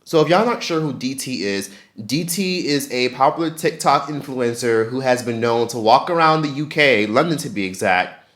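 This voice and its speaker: A man's voice: medium pitch, lively intonation, moderate pace, fairly bright tone. A man hosting a casual opinion rant, blunt and profane, talking straight at his audience. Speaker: commentary host.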